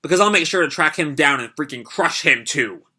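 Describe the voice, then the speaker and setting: A man voicing a furious but steady middle-aged ninja hero, reading manga lines aloud in a grim, measured way. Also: a little high, slightly rough, heavily acted.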